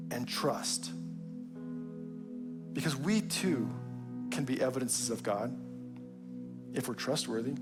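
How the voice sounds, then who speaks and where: A man in his forties giving a sermon, telling a personal story, often dropping to a soft low voice for emphasis. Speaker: pastor.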